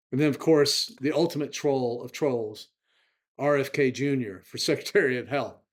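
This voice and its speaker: A man hosting his own video, giving indignant, chatty political commentary straight to his viewers. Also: medium pitch. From United States. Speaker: vlog host. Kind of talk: casual political commentary to camera.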